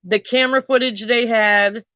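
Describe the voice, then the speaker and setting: A woman's voice: a little high, steady tone, moderate pace, a bit bright, no room sound, muffled recording. A woman telling a true crime story in a casual, chatty way, swearing freely and talking to her viewers.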